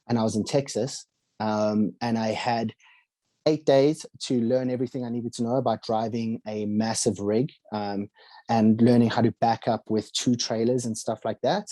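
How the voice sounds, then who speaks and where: Man, South African accent, young adult, dark mellow tone, dry close sound, chatty podcast guest. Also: mid-range voice, no room sound. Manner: chatty, fillers and acted-out quotes. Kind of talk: casual storytelling.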